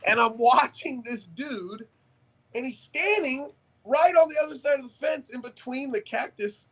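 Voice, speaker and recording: A man, a podcast guest, telling a story in casual chat, animated and profane, laughing as he talks. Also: very high-pitched, a little slow.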